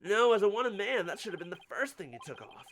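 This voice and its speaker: A man's voice: high-pitched, big pitch swings, fast, fairly bright tone, a little hiss or hum, exaggerated voice. A man reading an earnest young game lawyer. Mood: accusing. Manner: earnest, pressing questions. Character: earnest young male defense lawyer, persistent.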